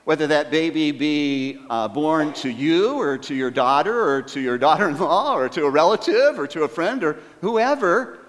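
A man preaching a sermon to his congregation, earnest and emphatic, slowing down on key phrases and asking rhetorical questions. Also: on the high side, animated. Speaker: pastor. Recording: long hall reverb.

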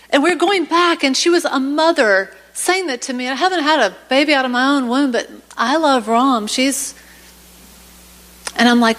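A guest at a church service, this woman shares her own story in the sanctuary before rising into fervent exhortation. She pitches high, with a fairly bright tone, at normal speed. The audio quality is rough.

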